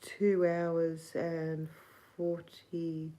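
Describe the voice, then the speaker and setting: A woman's voice: sits low, completely flat delivery, very slow, mellow, poor audio. A middle-aged Australian woman hosting a casual livestream, rambling and giggly, swearing casually. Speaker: livestream host.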